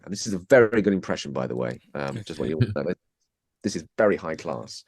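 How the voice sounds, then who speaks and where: A man talking as a guest on a podcast, chatty and self-mocking, dropping into quick impressions. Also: deep voice, lively intonation, a little mellow, no room sound, clean studio sound. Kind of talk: casual chat.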